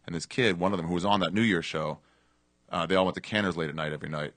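Male podcast talker, deep and quick, dry close mic, laid-back storyteller. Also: fairly bright tone, no echo. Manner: low-key, trailing storyteller, curses casually. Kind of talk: casual chat.

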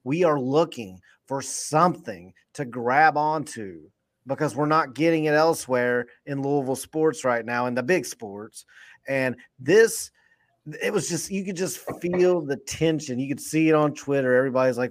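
A man, co-hosting a podcast and rambling excitedly after a football win, full of restarts. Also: medium pitch, normal speed. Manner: animated, rambling, lots of restarts. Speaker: podcast co-host. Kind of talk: excited postgame sports chat.

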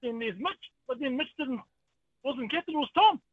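A man's voice: very high voice, lively intonation, normal speed, no room sound. A man calling a talkback show, rambling in a friendly way. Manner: rambling, friendly, trailing off quietly. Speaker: caller. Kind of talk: casual phone-in chat. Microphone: phone. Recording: dry tinny phone line.

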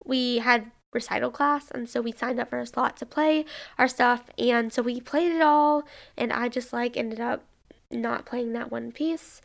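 A young woman casually telling a personal story, chatty and animated, acting out what people said. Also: on the high side, unhurried, gravelly. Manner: chatty, animated, lots of "like" and quoted dialogue.

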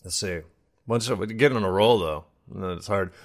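A man's voice: on the low side, normal speed. A man co-hosting a podcast in casual chat, telling rambling, jokey stories full of fillers. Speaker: podcast co-host.

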